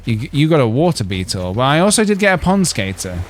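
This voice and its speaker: A man chatting on a game stream, wandering from joke to joke as he reads out his chat. His pitch rises and falls a lot. Soft game music plays faintly underneath. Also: very animated, fairly quick. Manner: rambling, joking asides, reading chat. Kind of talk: casual gaming stream chat.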